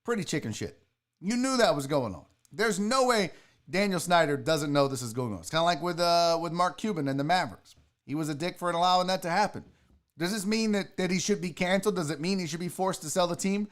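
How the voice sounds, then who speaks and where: A man's voice: high voice, lively intonation, fairly quick. A man hosting a live sports talk show, ranting heatedly and swearing freely, a bit tipsy from drinking.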